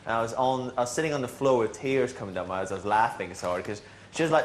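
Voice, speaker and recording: A man's voice: mid-range voice, fast talker, hardly any pauses, slight background noise. A young man, a reality show housemate, telling a funny story in casual chat, rambling and restarting as he goes.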